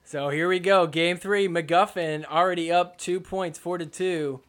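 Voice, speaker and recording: A young man with a fairly high voice hosts a casual sports podcast. He talks through the match in an offhand, joking way. Every so often he drops into mock quotes that poke fun at the players. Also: steady tone, a little slow, fairly bright tone. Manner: sarcastic, jokey, voices players' imagined thoughts. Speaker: podcast host. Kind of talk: casual sports recap commentary.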